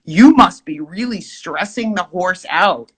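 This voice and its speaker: A woman voicing a male horse-riding instructor, with calm, drawn-out exclaims in a lower voice. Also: breathy edge. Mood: unbothered.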